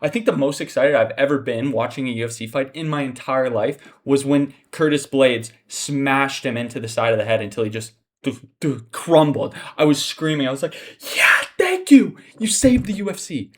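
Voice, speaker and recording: A young man at a middling pitch talks through fight predictions in a casual, unscripted way. He sounds fed up, swears freely and lets out heavy sighs between complaints. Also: brisk, hardly any pauses. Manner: exasperated, profane ranting with frequent sighs. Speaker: MMA analyst host.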